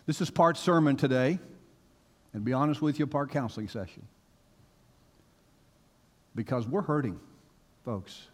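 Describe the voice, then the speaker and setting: Male pastor, animated storyteller, expressive pitch, recorded in a long-reverb sanctuary. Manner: animated storytelling, swinging from hushed to loud. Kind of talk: sermon. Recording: long reverb of a large hall.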